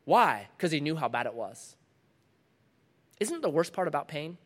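A middle-aged man preaching a sermon to a congregation, dramatic, dropping to a hush and then rising loud again. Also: fairly high pitch, big pitch swings, normal speed. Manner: dramatic, swings from loud to hushed. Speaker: pastor.

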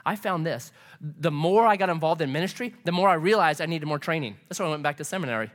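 A man preaching a sermon as a pastor, telling stories in an animated, conversational way. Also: a little high, quick pace. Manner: animated storytelling, lively and conversational.

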